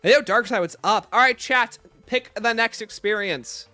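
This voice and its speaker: A man's voice: high-pitched, moderate pace, sharp tone, dry recording, faint music behind. A man hosting a casual livestream, reading viewer chat aloud and answering with blunt, opinionated takes. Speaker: livestream host.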